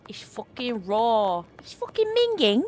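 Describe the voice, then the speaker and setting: Shrill, crude young British lad with a put-on British accent, very high and loud, voiced by a woman. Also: huge pitch swings, unhurried, slight background noise. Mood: mocking. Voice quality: shrill, exaggerated.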